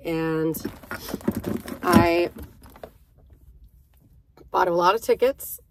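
A woman talks to her viewers like friends, spinning a personal story in a loose, chatty vlog style. Her voice sits a little low for a woman. She fills pauses and keeps checking in with her audience. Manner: chatty, conversational, with fillers and direct address. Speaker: vlogger. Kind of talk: casual storytelling to camera.

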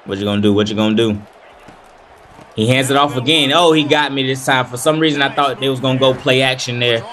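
A young man giving casual play-by-play commentary while playing a football video game, animated, hyped and trash-talking. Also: mid-range voice, fast talker. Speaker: gaming video creator.

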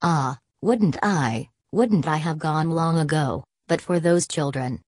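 A woman's voice: low-pitched, takes it slowly, a little mellow, no echo, studio quality. A woman voicing a fierce, embattled working-class wife and mother who answers with cutting retorts. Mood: furious.

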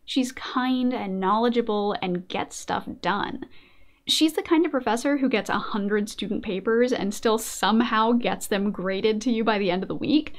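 A young adult woman hosting a casual commentary video, playful and animated, often laughing. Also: mid-range voice, normal speed. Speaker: video essayist host.

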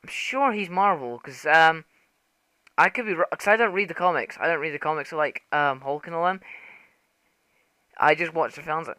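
A young man giving casual, rambling gameplay commentary for his channel, excitable, swearing and laughing often. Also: fairly high pitch, moderate pace, long pauses, clean tone, dry recording. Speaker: gaming channel host.

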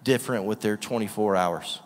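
The guest preacher has a voice on the low side and talks fairly quickly. His sermon carries energy and emphasis, with rhetorical questions to the room and frequent laughter, captured in a church hall full of long reverb.

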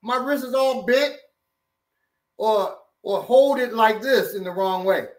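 A man teaching self-defense moves in a lively, joking manner, often repeating words as he demonstrates. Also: high-pitched, a little slow. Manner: animated, jokey, repeats words. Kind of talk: hands-on demonstration.

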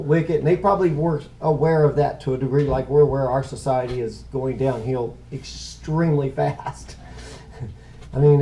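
A man's voice: a little high, gravelly, dark tone, a little hiss or hum, rough recording. A middle-aged man teaching a casual Bible lesson, rambling and conversational, often stopping to correct himself.

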